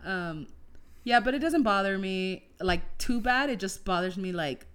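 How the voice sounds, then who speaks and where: A woman hosting a casual podcast chat, talking candidly and laughing a lot. She swears freely and speaks at a middle pitch. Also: expressive, a little slow, fairly bright tone, clean tone. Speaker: podcast host and business owner.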